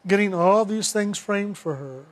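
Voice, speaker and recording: A man giving a sermon, telling a story in a slow, reflective way with retold dialogue. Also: sits high.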